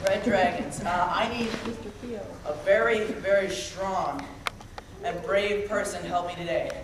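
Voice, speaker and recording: This camp magician keeps things jokey and playful for the kids, chatting with them and inviting volunteers up. He speaks at a measured pace in a high-sitting voice, and the recording is echoey and distant, with a loud crowd and noise around him.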